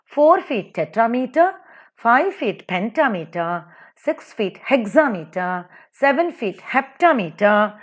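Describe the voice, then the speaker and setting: Woman teacher with an Indian English accent, bouncy rising-and-falling lecture delivery. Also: a little high. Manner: sing-song stressed delivery, slow recitations of verse. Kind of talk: lecture over slides.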